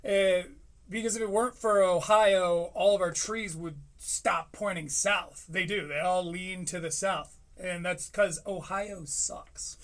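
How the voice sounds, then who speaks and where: High-voiced, profane live-stream commentator. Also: male voice, steady tone, fairly bright tone. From Michigan, USA. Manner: profane, joking, fast asides. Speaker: streamer reviewing a comedy special.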